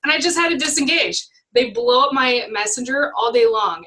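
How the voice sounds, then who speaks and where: A woman's voice: fairly high pitch, pushed and bright, a little hiss or hum, rough recording. A woman in a casual motivational chat, animatedly telling stories and acting out exchanges, who leads a team of her own. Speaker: team member leading her own group.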